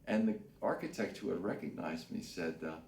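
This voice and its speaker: A male voice actor telling a story in an interview, measured and pausing. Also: low voice, gravelly, darkish tone, roomy sound, slight background noise.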